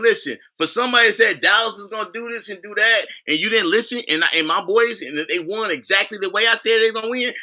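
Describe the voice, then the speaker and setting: Bright-voiced man in casual sports talk. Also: sits high. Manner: boastful, animated trash talk; casual, with frequent fillers. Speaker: sports vlogger.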